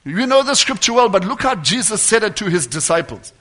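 High, bright-voiced fervent preacher man. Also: very animated, a little fast. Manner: fervent, rising to loud exhortation. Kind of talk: sermon.

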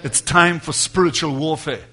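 A man preaching to his congregation in a high, bright voice. He drives his points home with loud declarations, then drops into quiet asides. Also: moderate pace. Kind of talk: sermon.

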